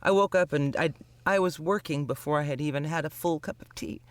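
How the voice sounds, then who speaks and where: A man co-hosting a podcast in casual chat, with a husky morning voice and a wry, rambling way of talking. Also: fairly high pitch, brisk, dry recording. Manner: wry, rambling, laughs often. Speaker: podcast co-host.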